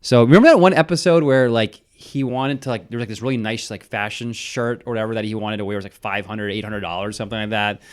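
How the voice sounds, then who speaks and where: A man in casual podcast chat, rambling through stories with constant "like" and animated impressions. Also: fairly low pitch, fast, few pauses. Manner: rambling storyteller, heavy use of "like", animated impressions. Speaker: podcast guest.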